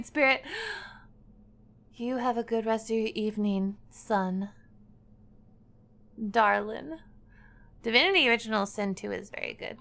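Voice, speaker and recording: High-voiced playful woman streamer, chatty, greets viewers, sudden squeals. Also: creaky, fairly bright tone. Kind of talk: casual livestream chat.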